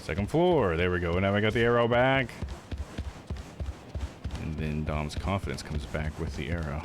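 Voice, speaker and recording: A man's voice: deep voice, moderate pace. A young man live streaming a game, chatting casually in a laid-back, self-deprecating way and laughing often. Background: game music.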